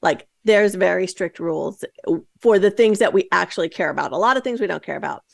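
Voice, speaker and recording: A woman podcast host spins a casual, rambling story into a close mic, full of fillers and asides. Her voice has a gravelly, fry-edged texture, and the recording is dry with no room sound. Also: fairly low pitch, expressive, brisk, dry recording. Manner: chatty, with many fillers and quoted asides.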